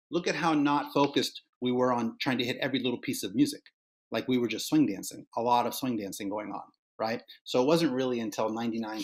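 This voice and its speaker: A middle-aged man with an even, mid-range voice gives an informal talk to an online audience. He tells his stories in a lively, chatty way, with plenty of fillers and self-corrections. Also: medium pitch. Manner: animated, chatty, many restarts and fillers. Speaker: dance instructor giving a presentation. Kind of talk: casual storytelling lecture. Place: home set-up for an online event.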